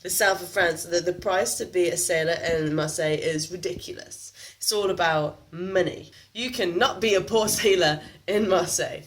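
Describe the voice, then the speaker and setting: A woman's voice: lowish voice, moderate pace, few pauses. A woman from England talking candidly to the camera in a vlog, frustrated and emotional, with faint background noise. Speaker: vlogger.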